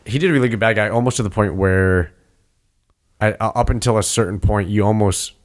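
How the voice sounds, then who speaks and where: Low-voiced man rambling about movies. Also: brisk. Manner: rambling, restarts sentences, acts out quotes. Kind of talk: casual movie review chat.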